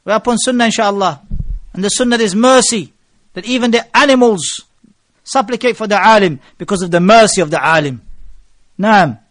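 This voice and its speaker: A man's voice: high-pitched, moderate pace, dry recording, studio quality. A male preacher, lecturing a gathering and telling stories, with phrases mixed into his English. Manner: mixes Arabic phrases into English, animated storytelling. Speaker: Islamic preacher.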